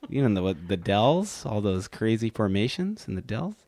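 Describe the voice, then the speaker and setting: A man's voice: fairly low pitch, very animated, normal speed, darkish tone, dry recording. A man from Wisconsin hosting a casual podcast chat, rambling with lots of fillers and restarts. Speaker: podcast host. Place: office.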